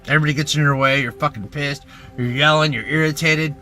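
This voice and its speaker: A man's voice: a little high, fairly even intonation, quick pace, pushed and bright, soft background music. A young man giving a rambling, profane self-help rant in a clip, hyping things up and then mumbling asides. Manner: rambling and swearing, jumping between hype and mumbling. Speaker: TikTok ranter.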